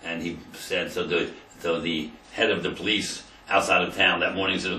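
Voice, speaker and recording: A low-voiced man teaches a Torah class as a rabbi. He tells the story and acts out the quotes, dropping to quiet asides and rising to loud emphasis. The sound is roomy and echoey, with a faint background hum. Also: level tone, normal speed, hardly any pauses, recorded from a distance.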